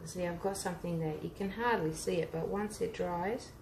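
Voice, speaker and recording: Painting while she talks to a live audience, this art teacher and vlogger has an Australian accent and a lowish, creaky voice at a moderate pace. Her casual asides feel warm and instructive. There's a roomy echo and a faint hum in the recording.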